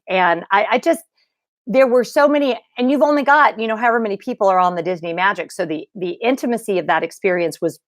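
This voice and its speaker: A woman hosting a casual livestream, chatting excitedly with viewers and rambling, restarting and gushing as she goes. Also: fairly low pitch, no room sound, studio quality. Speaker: livestream host.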